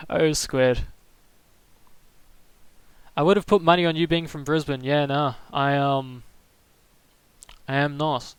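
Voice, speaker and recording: Young guy from melbourne streaming, kinda higher voice, super dry close sound, rambly and keeps restarting. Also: fairly even intonation, clean tone, no echo, rough recording. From Melbourne, Australia. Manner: rambling, halting, restarts sentences often. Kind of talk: casual chat on a live stream, answering chat.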